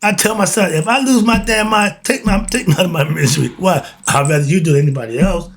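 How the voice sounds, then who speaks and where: A man's voice: high voice, quick pace, slight background noise. A man, giving a casual, blunt monologue, often laughing and asking and answering his own questions. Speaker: host of a philosophy talk channel.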